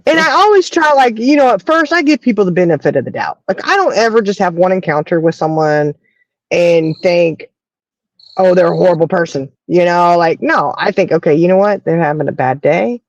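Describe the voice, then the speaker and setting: A woman's voice: on the low side, animated, normal speed, dry recording. Chatty woman, laughing often. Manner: laughs often, quotes herself with attitude. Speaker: co-host. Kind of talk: casual chat. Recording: dry, dull lo-fi sound.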